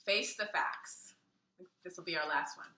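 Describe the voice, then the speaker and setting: A woman reading a children's book aloud in an expressive way, with asides, heard roomy and from a distance. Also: lowish voice, measured pace. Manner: expressive, adds asides and laughs. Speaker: reader.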